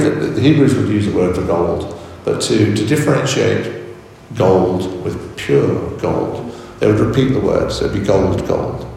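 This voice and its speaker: A man delivers a sermon, measured and searching, often circling back on his words. His voice sits fairly low with a gravelly edge. It is picked up from a distance in a big hall with a long, echoing reverb. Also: darkish tone, a little hiss or hum. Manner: measured, repeats words while searching for phrasing. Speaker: preacher. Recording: echoey hall, voice from far off.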